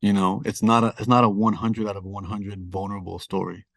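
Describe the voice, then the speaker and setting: Candid Toronto man, low voice. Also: flat delivery, a little fast, vocal fry, a bit bright, no echo, studio quality. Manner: candid, self-deprecating, conversational. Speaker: guest author. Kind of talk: casual podcast interview.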